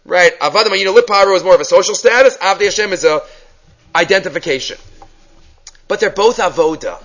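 A man teaching a Torah class, animated, acting out questions and mixing Hebrew terms into his English. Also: high-pitched, brisk.

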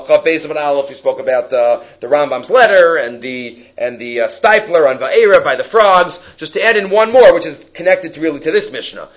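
A man giving a Talmud lecture, lively and acting out the quoted speakers. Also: fairly high pitch, muffled recording. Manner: animated, acts out quoted speakers, many fillers. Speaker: Talmud teacher.

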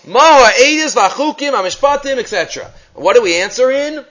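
A man teaching a Torah class, animated, acting out questions and mixing Hebrew terms into his English. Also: extremely high pitch, brisk, hardly any pauses.

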